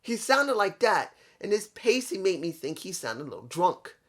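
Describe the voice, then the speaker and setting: A man's voice: high voice, very animated, moderate pace, fairly bright tone. A man reviewing a wrestling show in a casual vlog, rambling, repeating himself and talking straight to his viewers.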